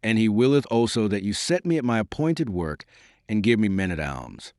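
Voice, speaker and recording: A man reads a devout young peasant maiden who speaks softly and earnestly. Her lines come out low in pitch but lilting, with solemn conviction. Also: big pitch swings, moderate pace, dry recording, clean studio sound.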